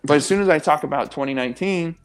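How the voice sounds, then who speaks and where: A man's voice: on the high side, quick pace. A young man as a guest on a radio interview show, talking with passion and emphasis and swearing freely. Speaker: guest, pro athlete and coach.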